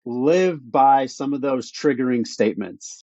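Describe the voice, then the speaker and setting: A man at a middle pitch hosts a podcast and asks long, thoughtful, rambling questions. His voice sounds dry and close, with a slightly dull, muffled tone. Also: measured pace, no echo. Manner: relaxed, thoughtful, winding questions. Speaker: podcast host. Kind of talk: interview questions.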